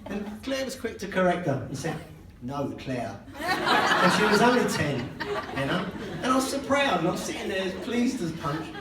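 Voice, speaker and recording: An older man gives a father-of-the-bride speech at a wedding reception, poking fun at himself and chuckling as he goes. His voice sits a little high for a man. He is heard from a distance in an echoey hall with noticeable room noise. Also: big pitch swings, normal speed. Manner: joking and self-mocking, laughing between lines.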